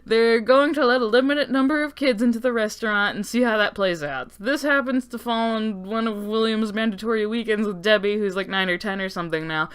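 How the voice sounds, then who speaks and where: A woman's voice: on the high side, a little fast, few pauses, smooth. Sarcastic young woman recapping lore. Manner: sarcastic, profane, rambling.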